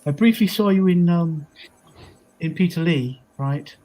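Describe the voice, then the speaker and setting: A man's voice: a little high, a little slow, warm tone, slight background noise, rough recording. A man hosting a casual chat, telling rambling anecdotes full of restarts. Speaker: host.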